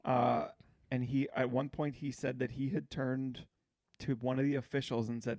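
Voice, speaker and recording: Man, gravelly voice, matter-of-fact, dry sound. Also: medium pitch, level tone, normal speed, a little mellow, no room sound. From Saskatchewan, Canada. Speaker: podcast co-host. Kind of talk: casual chat.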